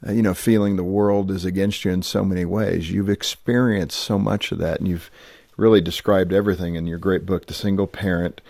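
A male radio host speaks in a very low voice with a gravelly texture. He affirms his guest warmly. The studio sound is dry and close. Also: steady tone, brisk, no room sound. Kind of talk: radio interview.

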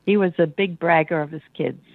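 An older widow speaking in an interview, reflective and halting as she remembers her husband. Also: deep voice, no room sound. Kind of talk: emotional interview. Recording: dry phone-like line.

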